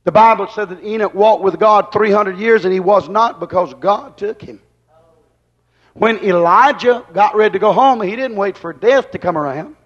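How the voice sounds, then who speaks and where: High-voiced preacher, fervent. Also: male voice, normal speed. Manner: emphatic, repeats phrases, swings from loud exclamations to hushed asides. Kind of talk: fervent sermon. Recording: dull lo-fi recording.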